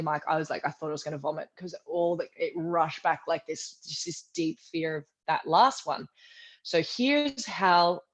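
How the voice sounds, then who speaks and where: A woman guest on a podcast, candidly telling a personal story and acting out the voices in it, often dropping to a soft, quiet tone. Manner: animated retelling, acting out quoted voices, drops to a soft low voice.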